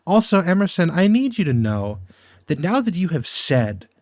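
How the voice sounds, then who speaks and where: Animated man, dry close mic. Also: on the high side, normal speed, dry recording. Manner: animated, exasperated rants. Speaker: podcast co-host. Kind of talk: casual podcast chat.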